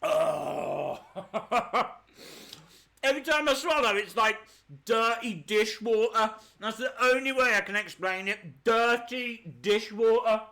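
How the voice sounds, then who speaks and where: A man hosts a live stream with a high, bright voice. He talks slowly with his mouth full, groaning and exclaiming in disgust as he chats to his viewers. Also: lively intonation, gravelly. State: mouth full while talking.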